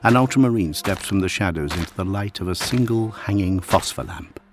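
A man narrating a dark science-fiction story in a scripted, hushed and dramatic delivery that at times drops near a whisper. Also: low voice, brisk. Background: music.

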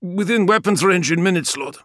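Guy doing a high strained hurt shipmaster reporting to his lord, audiobook. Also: brisk, fairly bright tone, dry recording, studio quality. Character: injured male shipmaster under fire.

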